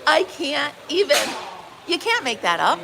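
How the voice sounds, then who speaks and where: A woman from upstate New York hosting a live stream, telling a story in a casual, animated way and acting out quoted dialogue. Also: high voice, unhurried. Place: barn market booth. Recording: busy crowd noise behind.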